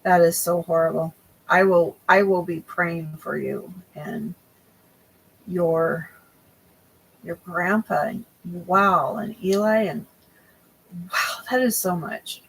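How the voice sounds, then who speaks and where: A woman's voice: lowish voice, takes it slowly, long pauses, a little hiss or hum, poor audio. A young woman hosting a crochet livestream, chatting casually with viewers and often losing her train of thought.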